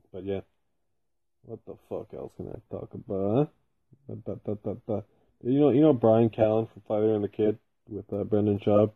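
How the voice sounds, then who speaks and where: Husky-voiced man ranting, tinny phone-like sound. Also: fairly low pitch. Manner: profane, rambling, heavy swearing. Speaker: podcast host. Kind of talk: casual solo podcast rant. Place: home basement.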